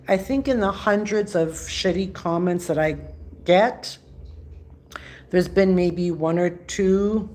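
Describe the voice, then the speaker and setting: A woman in her sixties from Canada talks loosely into her phone during a live stream. She reads out viewers' comments and answers as she goes, rambling and restarting her sentences. Her pitch sits in the middle for a woman. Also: darkish tone. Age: 60s. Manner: chatty, rambling, frequent restarts. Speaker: vlogger answering live chat. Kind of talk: casual live-stream chat.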